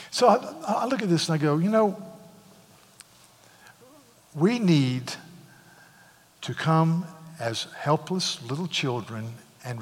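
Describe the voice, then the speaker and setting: A man preaching a sermon in a church, retelling a scripture story in an animated way with casual asides. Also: fairly high pitch. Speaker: pastor. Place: church sanctuary. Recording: long hall reverb.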